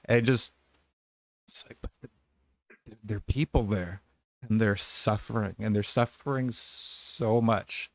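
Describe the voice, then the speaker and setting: A man's voice: lowish voice, steady tone, a little slow, pauses often, no echo. Heated, profane man ranting. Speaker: podcast host. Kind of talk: casual political chat.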